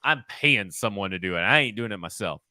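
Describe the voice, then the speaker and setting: Bright, blunt male podcast host. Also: on the low side, expressive, fairly quick, no echo, studio quality. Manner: blunt, joking, swears freely. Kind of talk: casual sports podcast chat.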